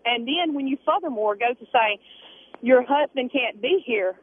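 An indignant woman calling in to a radio show, arguing her point insistently. Her voice is high and husky, and it comes through a tinny phone line. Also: expressive, moderate pace. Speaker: caller. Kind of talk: heated call-in argument.

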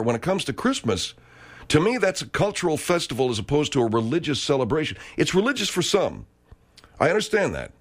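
American male radio host, profane rant, very lively pitch swings. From United States. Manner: swearing, rambling, emphatic. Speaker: talk show host.

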